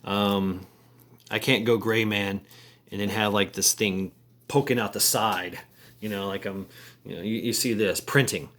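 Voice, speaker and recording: A man talking casually to camera in a halting, rambling way, full of fillers, restarts and crude slangy asides. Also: on the low side, steady tone, fairly bright tone. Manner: halting, many repeated words and fillers. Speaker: vlogger.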